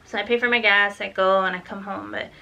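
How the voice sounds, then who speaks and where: A woman's voice: mid-range voice, fairly even intonation, a little fast, sharp tone, lo-fi sound, slight background noise. A woman, a mother, telling a rambling, cursing story in a casual vlog, still tired and lightheaded. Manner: rambling, swears, acts out dialogue. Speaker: mother vlogging about her daughter.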